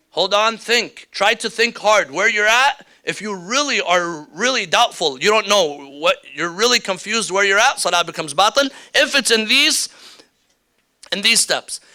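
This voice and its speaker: A man's voice: high voice, lively intonation, unhurried, sharp tone. A man teaching a workshop on prayer rules, explaining step by step and repeating the key rulings. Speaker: religious teacher. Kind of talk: workshop lecture. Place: indoor hall or classroom with slides.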